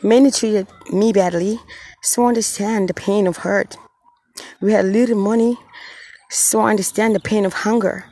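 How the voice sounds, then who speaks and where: A woman speaking as God, giving a tender, solemn message to his children in earnest, halting, repetitive phrases. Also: mid-range voice, steady tone, mellow, close to an everyday voice. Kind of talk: channelled message, spoken as God.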